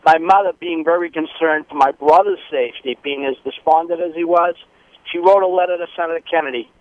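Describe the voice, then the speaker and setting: A man's voice: on the high side, a little fast, dry recording, narrow, tinny audio. A man calling in with a fluent, heartfelt story. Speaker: caller. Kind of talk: phone-in tribute.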